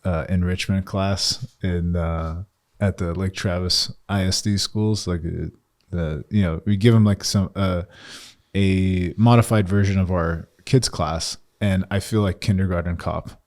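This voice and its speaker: Man, 30s, podcast co-host, lowish voice, candid, reflective, self-deprecating. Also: steady tone, a little slow, a little mellow. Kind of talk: casual podcast chat.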